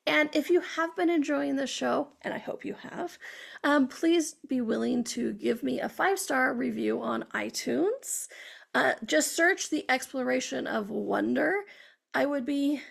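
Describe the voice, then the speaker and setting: Woman host, middle-aged, high voice with heavy vocal fry, chatty storyteller. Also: unhurried. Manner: chatty storytelling, acts out her own inner dialogue. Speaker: show host. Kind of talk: spiritual talk show monologue.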